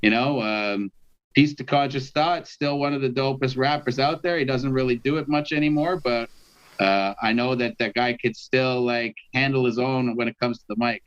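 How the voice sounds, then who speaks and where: A man's voice: mid-range voice, normal speed, clear, resonant tone. Male rapper guest on a video call: rambling storyteller, dull lo-fi sound. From Canada. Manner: rambling storyteller, many fillers. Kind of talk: casual interview over video call.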